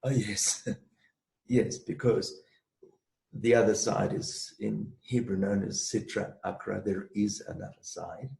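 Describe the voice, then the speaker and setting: Man, gravelly voice, dark tone, measured storytelling, echoey room. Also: fairly low pitch, little pitch movement. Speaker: guest, space clearer and healer. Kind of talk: storytelling in an interview.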